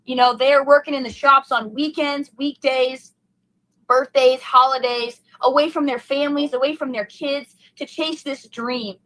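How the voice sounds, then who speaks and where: A woman's voice: high voice, fairly even intonation, unhurried, pushed and bright, no echo, rough recording. A young woman race driver in an emotional post-race interview, gushing and heartfelt, rambling with fillers.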